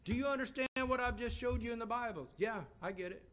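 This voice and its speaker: A middle-aged preacher with a very high voice speaks fast, putting emphatic questions to the congregation and sinking into a hushed voice for stories.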